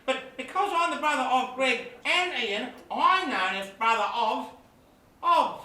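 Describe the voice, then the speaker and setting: An earnest younger-brother cricketer, chirpy and proud, as a man plays him. He talks high and slowly. The room echoes, the mic is distant, and heavy noise sits under the voice. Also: expressive, pushed and bright, exaggerated voice.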